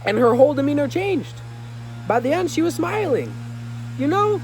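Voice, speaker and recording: Animated high-voiced young man storytelling. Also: normal speed, a little hiss or hum. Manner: animated, acts out dialogue in different tones, slangy with many fillers. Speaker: vlogger. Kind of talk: casual storytelling monologue. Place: outdoors, rain and a passing vehicle.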